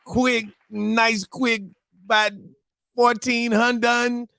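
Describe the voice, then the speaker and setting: A married man hosting a live-streamed morning show, telling a story to his viewers in a casual, animated, slang-filled way. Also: very high voice, drawn-out words, creaky, dry recording. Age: adult, married.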